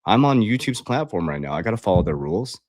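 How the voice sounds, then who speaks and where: A man's voice: on the low side, sing-song, fast, darkish tone, no room sound, clean studio sound. Blunt, swearing male coach. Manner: blunt and confrontational, swears freely; addresses viewers directly as guys. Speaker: life coach. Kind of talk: livestream motivational talk.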